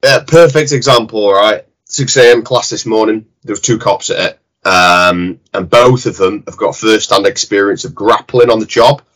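A man's voice: lowish voice, normal speed, hardly any pauses, a bit bright, rough recording. A man with a Yorkshire accent, a jiu-jitsu head coach, talking bluntly and animatedly in a casual interview, with some swearing.

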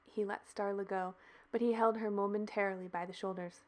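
A woman's voice: medium pitch, level tone, fairly quick. A woman podcast host and author, reading a chapter of her romance story aloud.

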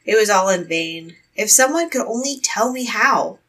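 Storybook hero read by a woman: fearless cheerful young man, breezy and bold, bright tone. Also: medium pitch, animated, moderate pace, recorded from a distance, rough recording. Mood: calm.

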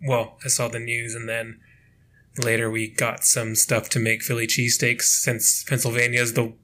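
Young guy hosting a chill podcast, bright voice, keeps laughing, lots of ums. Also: medium pitch, normal speed, slight background noise. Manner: laughs often, relaxed rambling with fillers. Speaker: podcast co-host. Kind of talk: casual chat.

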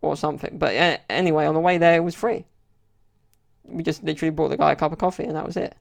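A man runs a solo podcast, telling rambling, casual stories with plenty of fillers. He speaks fast, his creaky, slightly high voice keeping a fairly even intonation.

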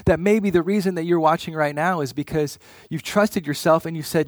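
A man's voice: a little high, brisk, few pauses, dry recording, clean studio sound. A man preaching a sermon in an earnest way, often repeating words as he starts a phrase.

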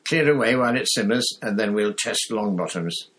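A man's voice: lowish voice, expressive, a little slow, fairly bright tone, voice pushed up. A man reading an audiobook, voicing a cold, sneering male potions teacher. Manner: cold, cutting.

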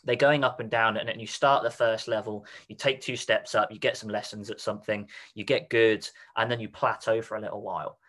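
A man's voice: fairly low pitch, steady tone, fairly quick, few pauses, fairly bright tone. A man hosting an interview podcast, talking in a loose, rambling way and working through long examples before he gets to his question. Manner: rambling, explains with examples and put-on quotes. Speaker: podcast host. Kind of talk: casual interview chat.

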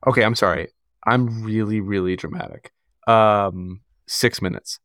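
A man's voice: on the low side, steady tone, unhurried, a bit bright, no echo, studio quality. Chatty, self-mocking male podcast co-host. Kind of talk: casual chat.

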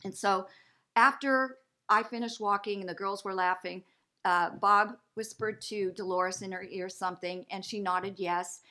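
A middle-aged woman, a guest, telling a story in a lively way and acting out the voices of the people she quotes. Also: measured pace. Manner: lively, acts out quoted voices with big pitch jumps. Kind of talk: animated storytelling.

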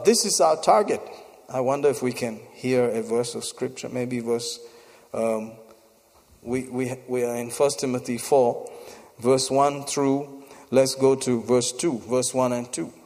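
A man's voice: medium pitch, steady tone, measured pace, darkish tone. Preacher man in a reverberant hall. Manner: exclamations of praise between points; repeats phrases for emphasis. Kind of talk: sermon.

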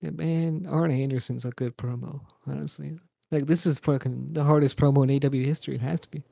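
A man's voice: medium pitch, steady tone, fairly quick, gravelly, warm tone, no room sound, clean studio sound. A young man co-hosting a casual wrestling podcast, laid-back, laughing often and swearing freely. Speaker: podcast co-host.

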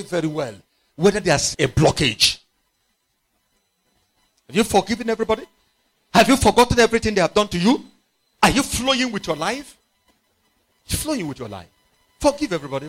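A man preaching a sermon, emphatic and repetitive, swinging from loud outbursts to quiet, low phrases. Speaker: pastor.

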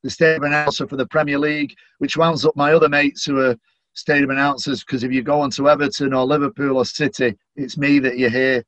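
A man's voice: mid-range voice, flat delivery, fairly quick, fairly bright tone, no room sound. A middle-aged man from Manchester with a Mancunian accent, chatting casually in an interview and dropping in plenty of "you know" fillers. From Manchester, England. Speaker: stadium announcer, podcast guest.

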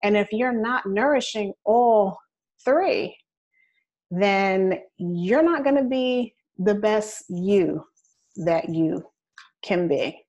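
A woman's voice: mid-range voice, takes it slowly, highs cut off. Woman podcast co-host, upbeat and emphatic, casual chat delivery. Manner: upbeat, emphatic, rises into excited exclamations.

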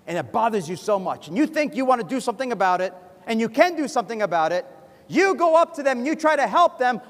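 Animated high-voiced pastor preaching in a church. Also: male voice. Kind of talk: sermon. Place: church sanctuary. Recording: long hall reverb from a church.

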